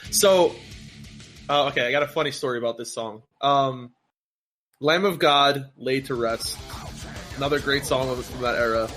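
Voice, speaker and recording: A man chatting as a podcast guest, telling an animated, rambling story full of restarts. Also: medium pitch, moderate pace, long pauses, faint music behind. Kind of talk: casual chat.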